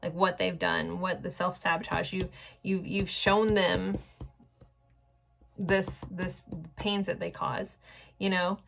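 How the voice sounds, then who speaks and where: A woman's voice: fairly low pitch, little pitch movement, slow, creaky, long pauses, fairly bright tone. A woman in her forties giving a casual pick-a-card tarot reading, rambling and chatty with lots of filler words. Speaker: tarot reader.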